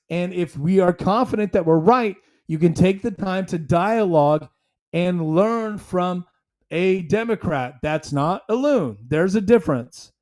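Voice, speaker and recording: A man's voice: high-pitched, darkish tone. A man hosting a solo commentary podcast, talking emphatically in a rambling, conversational way. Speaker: podcast host.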